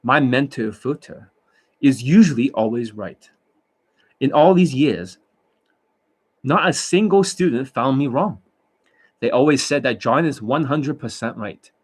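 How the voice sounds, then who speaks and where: A man's voice: mid-range voice, lively intonation, a little slow, pauses often, darkish tone, husky. Profane, boastful man coaching. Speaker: dating coach. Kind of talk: rambling coaching monologue.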